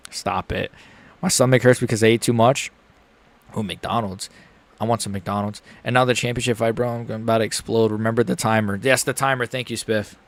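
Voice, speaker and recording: A nervous young man on a live stream reacting to a fight, rambling to chat, muttering low and then yelping high. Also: no echo.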